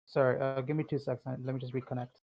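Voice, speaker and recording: Gravelly man playing a tabletop game. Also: mid-range voice, flat delivery, quick pace, a little mellow, rough recording. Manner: hesitant, with many fillers. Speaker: player. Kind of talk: casual tabletop game talk.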